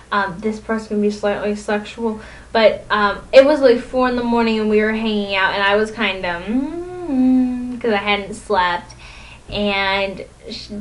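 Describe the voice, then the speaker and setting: Excitable rambling young-sounding woman. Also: a little high, poor audio. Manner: rambling, excitable storytelling with giggles. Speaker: vlogger. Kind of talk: casual convention recap.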